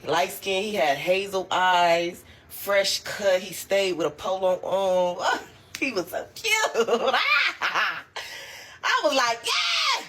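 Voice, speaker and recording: A young woman telling a casual storytime, animated and slangy, laughing as she goes. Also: medium pitch, slow pace. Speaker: storytime vlogger.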